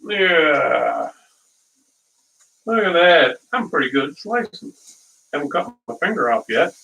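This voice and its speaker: A man's voice: fairly high pitch, big pitch swings, a little slow, creaky, sharp tone. A man hosting a casual live cooking stream, rambling through stories and chuckling at his own dad jokes, from a distant mic.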